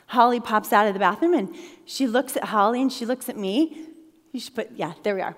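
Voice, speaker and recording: A woman's voice: on the high side, quick pace, fairly bright tone, big-room sound. A middle-aged woman pastor giving a sermon in a playful, conversational way, laughing often.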